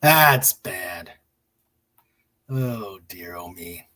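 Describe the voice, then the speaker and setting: A man's voice: deep voice, lively intonation, extremely slow, sharp tone. A man hosting a casual stream, reading memes and jokes aloud, chuckling and muttering to himself. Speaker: livestream host.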